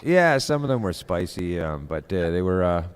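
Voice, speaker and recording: A man's voice: low voice, sing-song, normal speed, a crowd in the background. A man from Canada, a guest on a live stream, telling a story in casual chat with many fillers and restarts.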